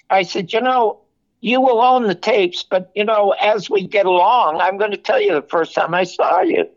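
An older man, a television producer, telling animated stories in an interview and acting out the dialogue. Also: high voice, moderate pace. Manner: animated anecdote-telling, acts out quoted dialogue. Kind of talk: storytelling interview. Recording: muffled, lo-fi audio.

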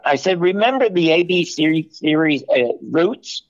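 An older man, a television producer, telling animated stories in an interview and acting out the dialogue. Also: on the high side, moderate pace. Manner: animated anecdote-telling, acts out quoted dialogue. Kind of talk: storytelling interview. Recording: muffled, lo-fi audio.

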